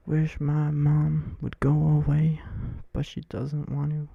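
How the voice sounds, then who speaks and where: A man's voice: a little high, completely flat delivery, slow pace, vocal fry, few pauses, breathy edge, dry recording, muffled recording. A man livestreaming a game, muttering, whispering and grumbling complaints as he plays. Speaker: gaming livestreamer. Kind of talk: casual stream talk.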